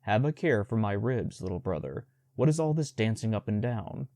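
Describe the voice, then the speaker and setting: A man's voice: lowish voice, expressive, moderate pace, gravelly, dark tone, no room sound. Bagheera, a man doing a wry, proud black panther. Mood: teasing. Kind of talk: storybook audiobook reading.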